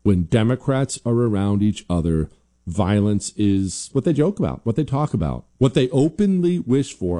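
A man's voice: on the low side, big pitch swings, normal speed, dark tone. A man hosting a commentary show, talking emphatically and combatively, repeating his points for stress. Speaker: political commentary host. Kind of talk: opinionated commentary.

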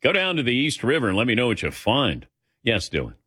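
A man's voice: mid-range voice, wildly swooping pitch, fast talker, bright, forceful tone, breathy edge, dry recording, clean studio sound. A man in his sixties hosting a call-in sports radio show, chatty and laughing often. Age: 60s.

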